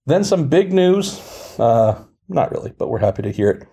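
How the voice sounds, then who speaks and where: A man's voice: fairly high pitch, sing-song, normal speed, creaky, warm tone. A man in his forties hosting a casual podcast, reading the news with dry, wry humor. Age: 40s. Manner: dry, wry delivery of news with mock hype. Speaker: podcast host.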